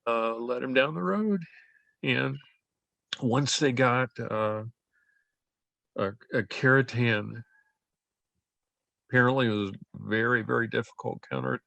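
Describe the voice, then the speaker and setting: Older man with a gravelly voice. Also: medium pitch, fairly bright tone, no room sound. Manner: halting, with frequent fillers and restarts. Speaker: interviewee. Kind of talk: oral history recollection.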